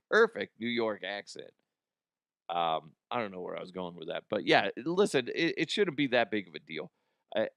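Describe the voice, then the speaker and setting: A man's voice: medium pitch, dry recording, studio quality. A man hosting a casual comedy talk show, joking loosely, cursing freely and reading an ad. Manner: loose, profane, jokey, animated outbursts. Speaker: radio show host.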